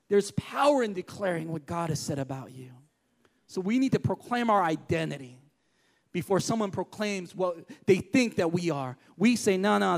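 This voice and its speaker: A middle-aged man preaching a sermon in church, passionate and emphatic, repeating key lines for weight. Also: high voice. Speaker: pastor.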